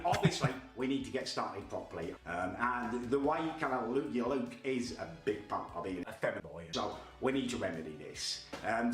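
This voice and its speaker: A man's voice: mid-range voice, a bit bright. A young man ranting in a comic vlog monologue, stumbling over repeated words. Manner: ranting, stammering repetitions. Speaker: comedy video creator.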